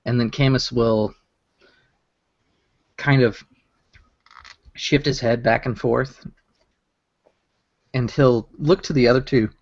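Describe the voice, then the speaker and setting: Gravelly-voiced male game master. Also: mid-range voice, no room sound, highs cut off. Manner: relaxed, halting with fillers. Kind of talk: narrating a tabletop game.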